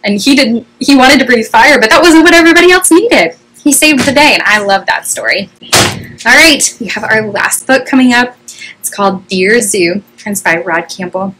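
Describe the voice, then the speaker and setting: A woman reads a children's story aloud in an animated, expressive way. Her voice sits fairly high. The recording comes from a webcam with a faint hiss of noise behind her. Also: moderate pace, rough recording.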